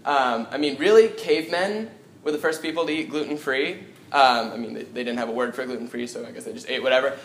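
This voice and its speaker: A man's voice: medium pitch, fast talker, a bit bright. Rambling young male stand-up comic. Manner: rambling, self-deprecating, frequent ums. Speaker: stand-up comedian. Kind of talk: live stand-up comedy. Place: small coffeehouse with a live audience. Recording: echoey room, noisy live audience.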